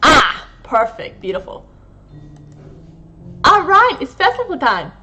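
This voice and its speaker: A woman's voice: high-pitched, huge pitch swings, takes it slowly, bright, forceful tone. A woman giving let's-play commentary, laughing a lot, exasperated, and swearing as she plays. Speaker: gaming video creator.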